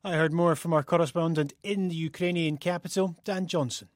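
A man reads the news on radio in a measured, formal voice. His pitch sits a little high for a man. The sound is dry and close. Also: steady tone, no room sound. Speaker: news presenter.

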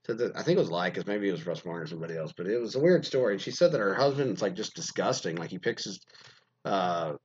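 A man's voice: deep voice, animated, quick pace, muffled recording, slight background noise. A man hosting a podcast, chatting casually in a crude, joking, meandering way with lots of fillers. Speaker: podcast host reading listener stories. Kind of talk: casual rambling chat.

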